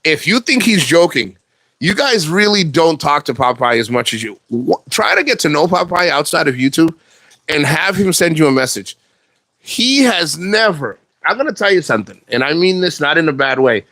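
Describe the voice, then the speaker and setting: A man talks straight to the camera in a fairly high voice, blunt and full of swearing. He rambles and restarts his sentences, and the sound is dry and close. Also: sing-song, moderate pace, sharp tone, no room sound. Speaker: vlogger. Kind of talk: casual monologue to camera.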